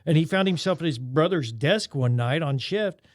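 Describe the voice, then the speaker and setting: A man hosts a casual podcast and jokes easily with his guests as he interviews them. His voice sits a touch high for a man, and the recording is dry and close, with no room sound. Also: expressive, normal speed, no room sound. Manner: easygoing, joking interviewer. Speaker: podcast host.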